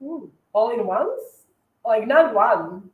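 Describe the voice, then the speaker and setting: A woman's voice: a little high, expressive, slow pace, phone-quality sound. Chatty woman hosting a baking livestream, lots of ums, echoey room. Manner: chatty, many fillers and self-corrections. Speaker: cookie decorating livestream host. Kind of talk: casual livestream chat.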